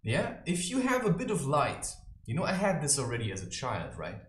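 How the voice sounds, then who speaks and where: A man holds forth in a preachy, mocking monologue, with a tone that swings widely and theatrically. He talks to camera from his own room. The room adds a clear echo to his voice. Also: medium pitch, wildly swooping pitch, fairly quick. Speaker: self-styled spiritual advisor. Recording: roomy echo.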